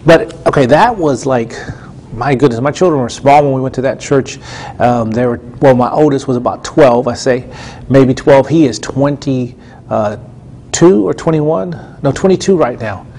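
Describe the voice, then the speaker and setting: On his Christian TV program, a middle-aged host and preacher delivers conversational sermon teaching with earnest repetition and frequent restarts. He speaks at medium pitch and moderate pace in a darkish tone, with slight hiss or hum in the audio.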